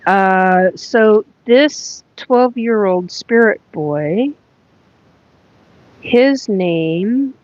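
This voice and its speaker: A woman hosting a live solo chat, recounting a spirit reading in a halting way as she reads from her notes. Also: mid-range voice, a little mellow, muffled recording. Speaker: psychic medium host.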